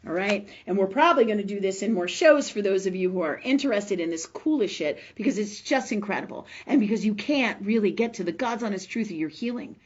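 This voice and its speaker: A woman's voice: mid-range voice, expressive, quick pace, few pauses, dull audio. A middle-aged woman hosting a live spiritual health show, telling a story emotionally and emphatically, swearing freely and often asking "right?".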